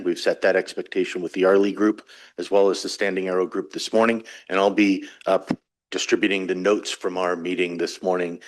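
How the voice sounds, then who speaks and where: A man speaking at a council meeting in a measured, formal manner. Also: deep voice. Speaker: council official. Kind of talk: meeting discussion.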